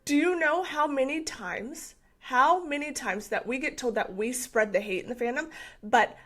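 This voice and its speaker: A woman co-hosting a casual podcast, talking in an indignant, forceful and insistent way. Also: high-pitched, moderate pace. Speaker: podcast co-host.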